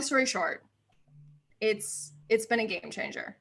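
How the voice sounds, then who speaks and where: Woman guest in her thirties, lively storyteller who acts out quotes, mid-pitched casual voice. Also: normal speed, gravelly. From United States. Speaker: podcast guest. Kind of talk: casual interview chat.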